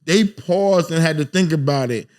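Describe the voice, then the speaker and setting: Guest: brash New York man, middle-aged, higher voice, tells profane stories and acts out quotes. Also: moderate pace, a little mellow. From South Jamaica, Queens, New York. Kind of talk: casual podcast chat.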